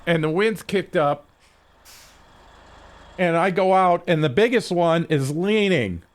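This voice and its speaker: Speaking slowly in a high-pitched voice, a streamer at his desk mic tells a meandering, profanity-laced story during a game, often starting his sentences over.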